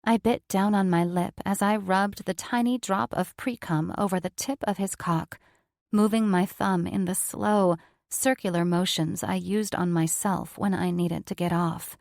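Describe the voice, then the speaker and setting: A woman narrating a first-person romance audiobook in a smooth, even storytelling voice on a close mic. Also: mid-range voice, measured pace, no echo.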